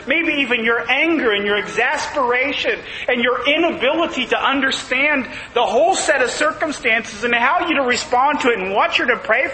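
High-voiced bright preacher in echoing hall. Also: male voice. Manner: emphatic, asks rhetorical questions. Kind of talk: sermon. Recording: long hall reverb, faint noise.

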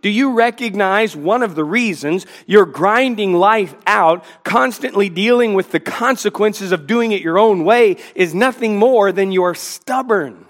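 A man preaching a sermon to a congregation, earnest and pleading, with quick asides to the listeners. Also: high-pitched. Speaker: pastor. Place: church in front of a congregation.

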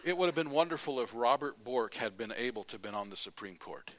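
Bright-voiced man preaching a sermon. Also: mid-range voice, quick pace. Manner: animated storytelling, then plain scripture reading. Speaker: pastor.

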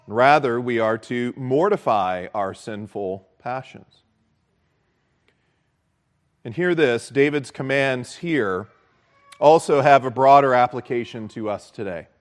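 A man preaching a sermon as pastor, earnest and measured, repeating key phrases for emphasis. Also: mid-range voice, lively intonation.

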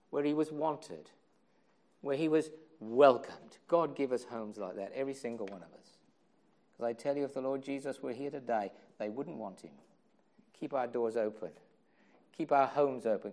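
A man preaching a sermon with passion, moving from hushed tones to loud outbursts and repeating phrases for emphasis. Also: fairly high pitch. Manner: impassioned, swings from hushed to loud.

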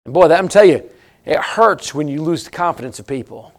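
A man preaching a sermon, repeating phrases for emphasis and swinging between loud and hushed lines. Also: fairly high pitch, lively intonation, a little fast.

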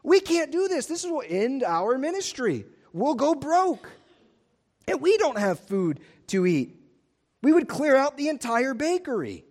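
Anxious, practical disciples plead and fret, their voices high and urgent, as a male preacher puts them on. The sermon's retelling stays close to the preacher's own voice. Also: lively intonation, normal speed, darkish tone. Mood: frantic. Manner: pleading, frantic.

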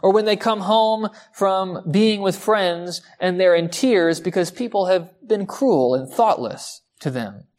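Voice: mid-range voice, measured pace, hardly any pauses, darkish tone. A pastor preaching a sermon in a conversational way, telling a story to the listeners and asking them rhetorical questions.

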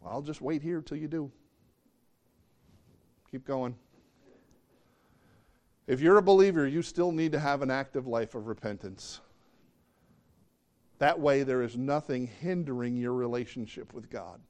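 A middle-aged male pastor preaching a sermon in an animated way, often acting out the voices of the people he quotes. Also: medium pitch, measured pace, pauses often.

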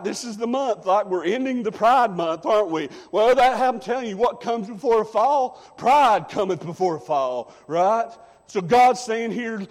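A man's voice: high voice, darkish tone, big-room sound. A man preaching as assistant pastor, emphatic and repetitive, hammering his points with "I'm telling you". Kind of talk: sermon. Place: church sanctuary.

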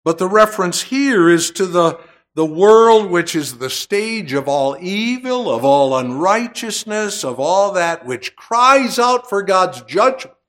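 A man preaching a sermon, slow and deliberate, with emphatic swells on key words. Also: high voice, lively intonation, a bit bright.

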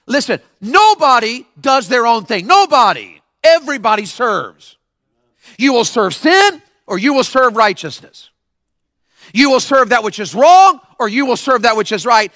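A man preaching a lively sermon to young people, acting out the people in his stories. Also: very high voice, moderate pace, no echo, clean studio sound. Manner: animated, mimics people. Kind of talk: youth sermon. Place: church service.

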